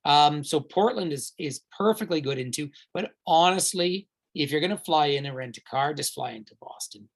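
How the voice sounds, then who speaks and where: A man's voice: on the high side, moderate pace, few pauses. A man who guides tours, answering viewer questions live in a chatty, rambling way with many fillers and restarts. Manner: enthusiastic, recommends warmly. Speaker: tour guide hosting a virtual tour.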